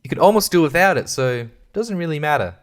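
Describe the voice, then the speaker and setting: A man's voice: on the high side, expressive, fast. An Australian man hosting a solo podcast, rambling casually with lots of swearing and stumbling restarts. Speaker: podcast host.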